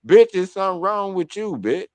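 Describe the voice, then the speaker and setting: A man's voice: sits high, sing-song, normal speed, noisy background. A man hosting a talk radio show, ranting in a heated, profane, blunt way about people and his own court case. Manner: heated, cursing, blunt storytelling. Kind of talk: profane casual rant.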